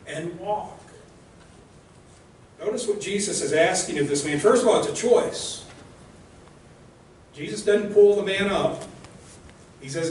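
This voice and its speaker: A man's voice: sits high, measured pace, pauses often, darkish tone, a little hiss or hum. A male minister preaching a sermon in an earnest, direct way, often asking the congregation rhetorical questions, recorded in a church. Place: church sanctuary. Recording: echoey church room, mic at a distance.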